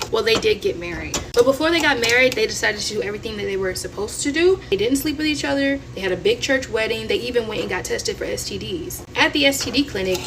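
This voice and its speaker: A young woman from Florida telling a dramatic family story in a chatty, animated way, with dramatic asides. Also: fairly high pitch. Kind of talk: casual storytelling. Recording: distant mic with audible noise.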